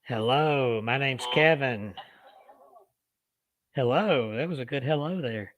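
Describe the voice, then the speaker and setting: Man, paranormal vlogger, soft coaxing delivery, mid pitch. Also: normal speed. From Alabama. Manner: soft-spoken, coaxing questions to a spirit. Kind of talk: casual paranormal investigation.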